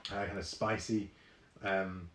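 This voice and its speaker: A man's voice: low voice, steady tone, slow pace, a bit bright, reverberant. A man hosting a live online whisky tasting, chatting casually with many ums and reading viewer comments aloud.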